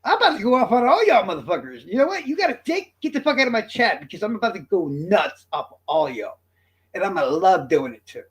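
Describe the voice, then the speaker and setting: Male streamer in his fifties, high voice, swinging pitch, profane and cocky. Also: big pitch swings, fast. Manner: profane, boastful, combative. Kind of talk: livestream rant to chat.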